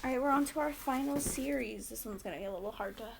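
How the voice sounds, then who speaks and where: A young woman rambling excitedly to camera about favorite books, swearing freely. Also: high-pitched, fast, vocal fry, a little hiss or hum. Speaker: book vlogger. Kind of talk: casual rant to camera.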